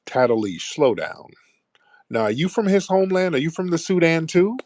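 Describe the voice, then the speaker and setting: A man's voice: fairly high pitch, very animated, moderate pace, a little mellow, no echo, studio quality. A man hosting a heated call-in debate, mocking and combative, talking over his caller. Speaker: host.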